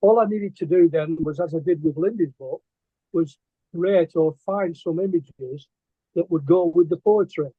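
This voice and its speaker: An older man with a fairly high, husky voice, spinning loose anecdotes full of ums and restarts. The sound is dry and thin, as if it came over a phone line. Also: moderate pace, no room sound. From England. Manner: rambling, hesitant, with many fillers and restarts. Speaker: guest artist and poet. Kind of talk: casual interview storytelling.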